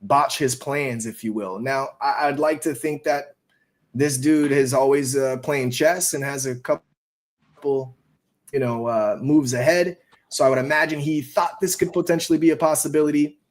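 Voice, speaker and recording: A man streaming live and chatting about trading in a loose, rambling way. His pitch sits in the middle of a man's range. He swears casually and fills his talk with "you know" and "like.". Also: steady tone, normal speed.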